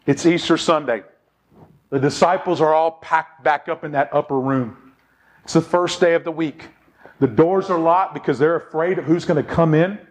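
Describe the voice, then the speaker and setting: Give me a high-pitched man preaching, animated and dramatic. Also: normal speed. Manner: animated storytelling with rhetorical questions. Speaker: pastor. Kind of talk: sermon.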